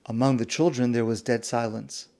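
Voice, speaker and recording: A man, a rabbi, telling a story in a sermon, slow and hushed with dramatic pauses. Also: mid-range voice, fairly even intonation.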